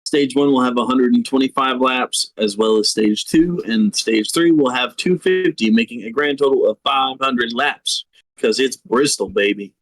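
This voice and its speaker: A man with a middle-pitched voice co-hosts a podcast, chatting casually. He jokes in a dry, playful way. His voice is recorded close and dry. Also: moderate pace, dry recording, low-quality recording. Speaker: podcast co-host. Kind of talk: casual chat reviewing race car paint schemes.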